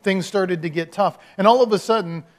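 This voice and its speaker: Male pastor, sermon, slightly high voice, storyteller who acts out the quotes. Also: brisk. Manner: conversational storytelling, acting out quotes.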